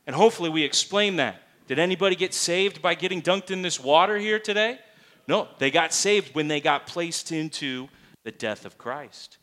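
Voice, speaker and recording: A male pastor delivering a sermon in a church, his voice sitting a little high for a man. He preaches with emphasis and keeps pressing the congregation with rhetorical questions. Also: animated, normal speed, bright, forceful tone.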